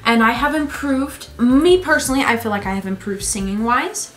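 A teenage girl with a high voice vlogs to camera, talking fast and eagerly to her viewers. Light music plays faintly behind her. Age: teens. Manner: excitable, gushing, addresses viewers as guys. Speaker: vlogger. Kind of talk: casual vlog talk to camera.

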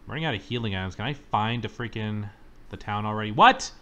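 A man's voice: fairly low pitch, fast, slight background noise. Exasperated young man playing a game. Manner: exasperated, dramatic complaining, yells at the game. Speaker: let's-play gamer. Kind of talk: gameplay commentary. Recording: faint game music behind.

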